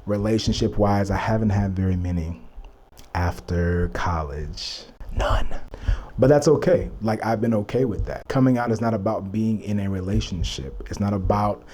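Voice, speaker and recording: A man's voice: fairly low pitch, fairly quick, few pauses, warm tone. A young man from Texas telling a personal story to camera, earnest and reflective, full of "you know" and "like". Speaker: vlogger.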